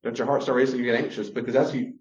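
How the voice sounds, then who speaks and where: A man giving a teaching talk on relationships. He is animated and acts out the voices he quotes. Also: medium pitch, very fast, slight background noise. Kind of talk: lecture-style teaching. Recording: roomy, slightly dull sound.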